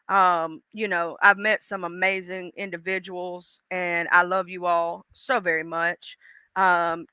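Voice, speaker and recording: Woman, Southern US accent, casual livestream host, blunt, profane, very bright, smooth clear tone. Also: mid-range voice, no room sound. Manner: blunt and profane, affectionate toward viewers.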